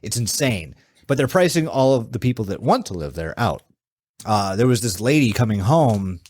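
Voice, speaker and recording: Animated, swearing young podcast host. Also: male voice, lowish voice, moderate pace, husky, no echo. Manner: profane, animated storyteller acting out voices. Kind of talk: casual chat.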